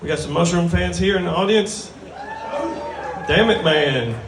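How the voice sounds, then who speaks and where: A stand-up comedian with a drawl performs a crude, self-mocking set on a bar stage before a live crowd. His voice is a little high and a little slow, and the distant mic picks up roomy bar sound and background noise.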